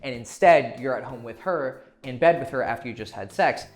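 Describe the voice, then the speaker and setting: A man's voice: mid-range voice, a little fast, faint music behind. A man giving casual, blunt dating advice to camera, swearing freely and acting out what people say. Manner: blunt and profane, acting out quoted voices.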